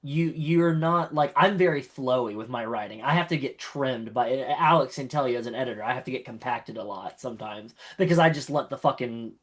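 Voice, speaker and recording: In a casual post-game feedback chat, a tabletop player rambles through his compliments, full of fillers and false starts. His voice is mid-range and fairly quick, with few pauses.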